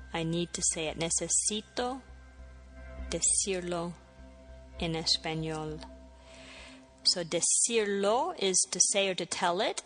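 A woman's voice: fairly low pitch, a bit bright. A woman teaching a Spanish lesson, patiently repeating phrases and spelling words out letter by letter. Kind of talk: language lesson.

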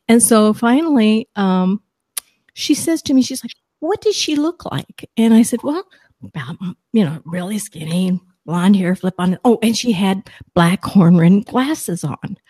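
A middle-aged woman, a guest psychic medium, telling a story in an animated, excitable, rambling way on a talk show. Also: mid-range voice, dry recording, clean studio sound.

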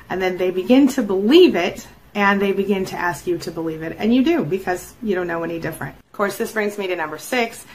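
Animated woman coach explaining. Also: mid-range voice, poor audio. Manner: animated, acts out quoted voices. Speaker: life coach. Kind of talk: explainer talk to camera.

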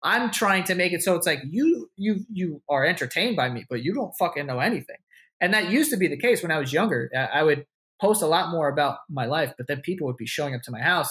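A man's voice: a little high, expressive, brisk, a bit bright. A young man, a podcast guest telling stories casually, swearing freely and acting out what other people said. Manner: swears freely, acts out quoted voices. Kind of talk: casual interview storytelling.

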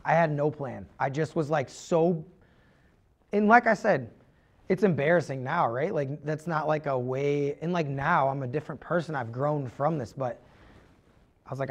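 Young adult male podcast guest; candid, rambling confessional delivery, slightly higher pitch. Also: moderate pace. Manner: rambling, heavy use of "like" and restarts; earnest, confessional.

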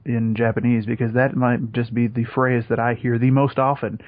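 A man's voice: medium pitch, flat delivery, moderate pace. A man co-hosting a podcast in casual chat, laid-back and swearing casually. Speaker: podcast co-host. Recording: dull lo-fi podcast audio.

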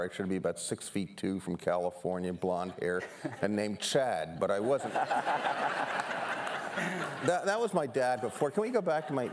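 A low-voiced older man from New York City shares his memories in an animated, self-mocking way. His sentences start and restart as he talks through a humorous stage conversation. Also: very noisy. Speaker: guest photographer on stage. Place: seminar stage before an audience.

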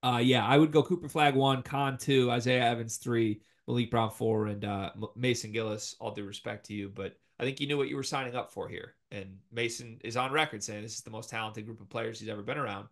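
An opinionated young man, sitting mid-range in pitch, talks sports in a loose, animated way. He has the hiccups and jumps between quick, confident rankings. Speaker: podcast co-host. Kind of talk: casual sports talk.

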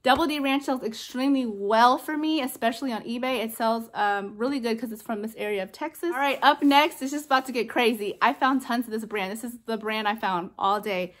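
A young adult woman chatting excitedly in a casual haul vlog, gushing over her finds. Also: a little high, brisk, hardly any pauses. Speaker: reseller vlogger.

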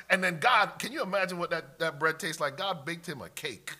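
A man preaching a sermon, emphatic, swinging from loud declarations to hushed asides and reading scripture in old-fashioned wording. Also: a little high, brisk, hardly any pauses.

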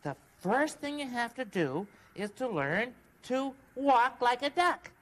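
A big, gentle male bird with a high, sunny voice, patiently coaching kids through a pretend game on a children's puppet show. A faint hiss sits under the recording. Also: sing-song, slow, heavily acted. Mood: friendly. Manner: friendly, patient teacher voice. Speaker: leader of a kids' club.

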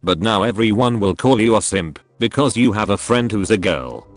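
Lively low-voiced man reading meme captions. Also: no room sound, faint music behind. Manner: brisk caption-by-caption reading, quick jumps between jokes. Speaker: meme compilation narrator.

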